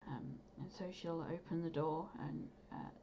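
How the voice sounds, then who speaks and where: A woman runs a tabletop game, narrating scenes in a chatty, hesitant way with frequent ums. Her voice sits fairly low, and the dull recording carries a faint background hiss. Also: fairly even intonation, normal speed, warm tone. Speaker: game master. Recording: dull lo-fi mic with faint noise.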